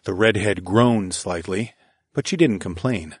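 Deep, husky male audiobook narrator. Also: no echo, studio quality. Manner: slow, intimate, steady storytelling. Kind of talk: first-person erotic audiobook narration.

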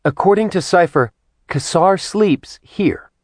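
A man doing a brisk young heroine. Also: high-pitched, animated, a little mellow, no room sound, clean studio sound, voice pushed up, full character voice. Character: determined young woman, leader with powers.

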